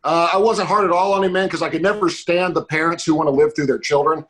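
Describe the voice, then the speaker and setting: A middle-aged podcast guest who rambles quickly, packing his sentences with "like." His voice sits a bit high. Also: steady tone, fairly bright tone. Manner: rambling, lots of "like". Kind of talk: casual podcast chat.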